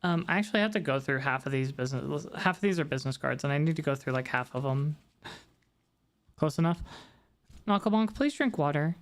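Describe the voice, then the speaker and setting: A woman's voice: very deep voice, fast talker. A woman streamer chatting casually with her live audience, rambling and talking straight to her chat. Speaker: VTuber streamer.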